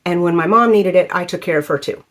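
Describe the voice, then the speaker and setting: 50-something woman telling a personal story to camera, kinda halting and emotional, lots of likes and ums. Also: lowish voice. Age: 50s. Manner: emotional, halting, many fillers. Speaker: vlogger.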